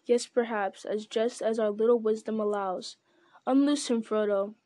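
A woman voicing a stern, just male captain who speaks in a measured, formal way. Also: a little high, steady tone, dark tone, no room sound, lightly acted.

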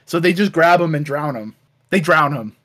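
A man's voice: fairly high pitch, lively intonation, normal speed, a bit bright. A man co-hosting a casual chat, animatedly retelling a cartoon with lots of swearing. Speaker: podcast co-host.

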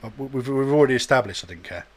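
A man's voice: medium pitch, animated, racing. Rowdy, swearing man telling stories. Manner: rambling storyteller, swears a lot, does silly voices. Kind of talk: crude casual banter.

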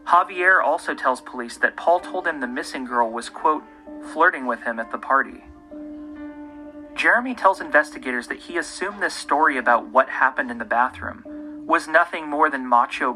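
A man, the host, giving scripted true-crime narration in a measured, pointed way. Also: fairly high pitch, pushed and bright, faint music behind, low-quality recording. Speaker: podcast host.

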